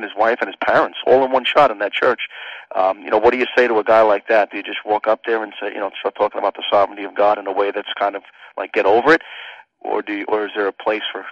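Male co-host, rapid and earnest, somewhat low voice, dry muffled radio recording. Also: fairly bright tone, dry recording. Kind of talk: Christian radio talk.

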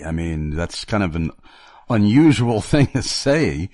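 A man hosting Christian radio talk, reflective and halting, with many fillers. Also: lowish voice, big pitch swings, a little mellow, dry recording.

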